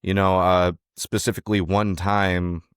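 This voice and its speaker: A young man telling a coaching story in casual chat, animated, acting out quotes and swearing freely. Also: low-pitched, a little slow, clear, resonant tone, no room sound, clean studio sound. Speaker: podcast co-host, former youth wrestling coach.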